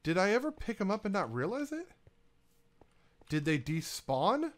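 His voice sits high and swings widely in pitch at a normal speed. A gaming YouTuber, he gives casual let's-play commentary, chatting to himself and the items he places as he plays.

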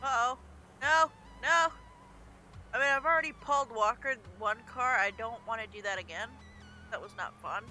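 A woman streaming a driving game, swearing and shouting at other drivers and laughing often. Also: fairly high pitch, moderate pace. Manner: brash, profane, yelling at other drivers. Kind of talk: casual gameplay commentary. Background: game music.

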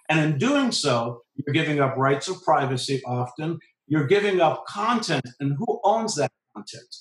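Emphatic man lecturing in an echoey room. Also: fairly high pitch. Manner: lecturing, emphatic, repeats key phrases. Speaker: professor and journalist. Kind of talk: conversational discussion.

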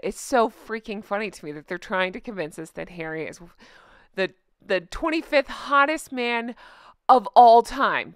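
A woman's voice: mid-range voice, fairly bright tone, dry recording, clean studio sound. A woman hosting a casual commentary vlog, sarcastic and giggly, often gushing. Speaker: host.

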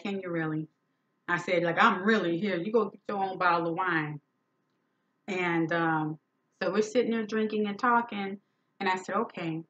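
This talk show host, a woman whose voice sits on the low side with a fairly bright tone, delivers a storytelling monologue for her podcast. Indignant and emphatic, she acts out the dialogue she quotes, captured in dull lo-fi sound.

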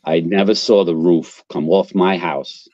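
A man tells stories in a low, mellow voice, swearing freely and acting out what others said. The sound is dry and close, with a dull, lo-fi edge. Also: measured pace, dry recording. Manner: animated, profane, acts out quotes. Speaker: guest, fire captain. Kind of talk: casual storytelling.

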